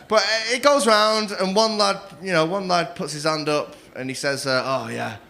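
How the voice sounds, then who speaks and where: A man's voice: high voice, normal speed, pushed and bright. A man doing a brash, rowdy stand-up set on a comedy club stage, working the crowd on a handheld mic. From Manchester. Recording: live comedy club with audience noise.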